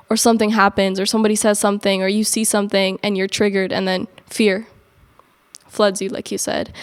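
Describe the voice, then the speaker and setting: A woman's voice: mid-range voice, clean tone. A young woman co-hosting a faith podcast, talking through faith and fear in a reflective, casual way with many fillers. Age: young adult.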